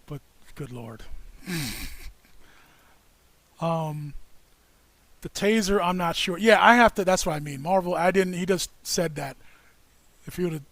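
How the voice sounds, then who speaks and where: A man's voice: high voice, a little slow, pauses often, fairly bright tone, dry recording. A man from the United States co-hosting a casual livestream, rambling, laughing often and reacting to viewer comments. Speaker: livestream co-host.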